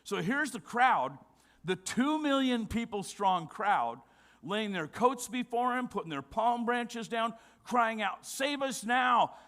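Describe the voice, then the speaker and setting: A male pastor preaching a sermon. He is emphatic, asks rhetorical questions, and drops to a quiet, low voice for solemn points. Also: very animated, a little slow.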